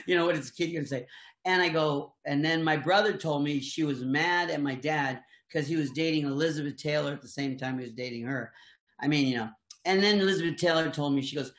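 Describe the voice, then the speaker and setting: A man's voice: on the high side, fairly quick, a bit bright. Rambling older man telling stories. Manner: rambling, chuckling storyteller with frequent restarts. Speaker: voice actor guest. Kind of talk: casual anecdotal chat. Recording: echoey room.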